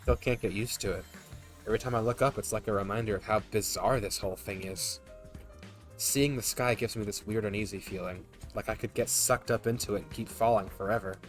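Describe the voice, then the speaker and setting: A man reading a tired, bewildered young student's inner monologue aloud from a game, quietly and at an even pitch. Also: a little fast, soft background music, close to an everyday voice. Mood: weary. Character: weary, bewildered young male student narrator.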